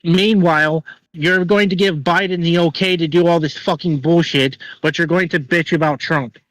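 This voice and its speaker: A man tears through a profanity-laced political rant as a stream co-host. His voice is bright and a little high for a man. The sound is dry and close, with no room around it. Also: steady tone, dry recording, low-quality recording. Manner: angry, profane, rapid ranting.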